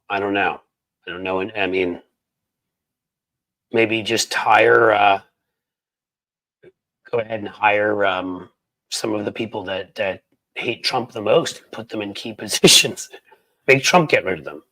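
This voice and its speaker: A man's voice: on the low side, normal speed, pushed and bright, low-quality recording. A man hosting a political livestream, talking in a rambling, angry, sarcastic way, full of fillers and restarts as he reads viewer chats. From United States. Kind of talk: casual livestream commentary reading viewer chats.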